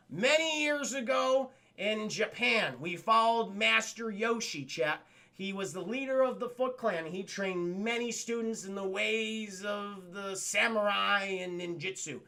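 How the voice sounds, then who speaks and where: A man streaming a casual recap of an old cartoon, animated and profane, laughing often and addressing his chat. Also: sits high, vocal fry.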